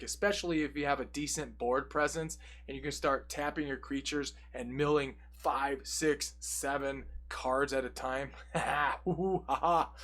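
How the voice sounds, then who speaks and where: A young man casually walking through a card game deck, reading each card's text aloud and adding quick, jokey asides. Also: medium pitch. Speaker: deck tech presenter.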